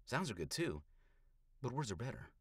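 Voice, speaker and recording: A man voicing a patient male doctor who speaks in a measured, coaxing way. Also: mid-range voice, very animated, husky, no echo, studio quality, voice pushed up. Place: small hot home recording booth.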